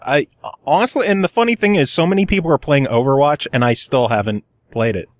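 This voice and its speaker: A man hosting a podcast, chatting casually and asking quick questions. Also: on the high side. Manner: laughs easily, quick questions. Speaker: podcast host.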